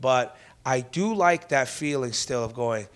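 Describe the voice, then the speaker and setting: A man's voice: mid-range voice, lively intonation, unhurried. A man, a stand-up comedian, talking shop in a loose, rambling chat with casual swearing.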